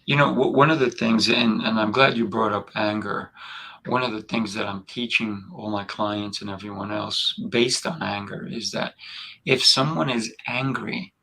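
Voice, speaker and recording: A man co-hosting a casual spiritual chat, talking calmly like a teacher and acting out bits of dialogue. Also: fairly low pitch, moderate pace, gravelly, low-quality recording. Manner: calm, teacherly, acts out dialogue. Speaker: co-host and coach.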